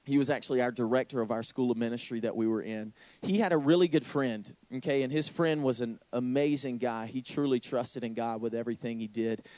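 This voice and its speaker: Young man preaching a lively sermon. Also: brisk, hardly any pauses, no echo. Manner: lively storyteller, sudden high exclamations. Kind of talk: sermon with anecdote.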